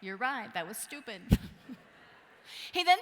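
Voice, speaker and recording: A woman from Wisconsin giving a motivational keynote speech, telling a story in a playful, animated way and acting out voices and sounds. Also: high-pitched, extremely slow, pauses often, heavy background noise. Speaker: keynote speaker. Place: large conference hall. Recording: long hall reverb.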